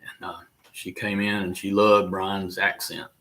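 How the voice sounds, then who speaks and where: An older man with a Southern accent from the North Carolina mountains, hosting a casual live chat in a folksy, rambling way with drawn-out fillers. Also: low voice, monotone, sharp tone. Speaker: livestream host and musician.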